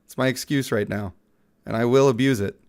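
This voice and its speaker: Smooth-voiced sick man streaming a game. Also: mid-range voice, steady tone, fairly quick, a little mellow. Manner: playful, jokey, chatting with viewers. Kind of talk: casual live-stream commentary.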